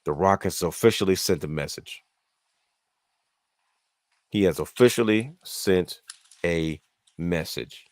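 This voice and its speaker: A man with a notably deep, low voice hosts a casual wrestling chat, retelling moments with excited energy and frequent restarts. The sound is dry and close, with no room around it. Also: unhurried, pauses often, no echo. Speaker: wrestling podcast host.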